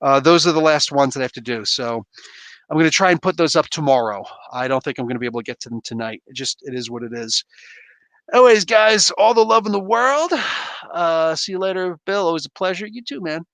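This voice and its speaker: A man's voice: fairly high pitch, quick pace, fairly bright tone, no room sound. Laid-back man, dry close sound. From Canada. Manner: laid-back, laughs often, self-deprecating. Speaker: livestream host. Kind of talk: casual chat reading viewer comments.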